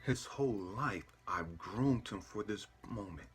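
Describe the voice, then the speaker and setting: A man telling an earnest, emotional personal story as a father, often dropping his voice to a hushed whisper. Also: on the low side, expressive, a little slow.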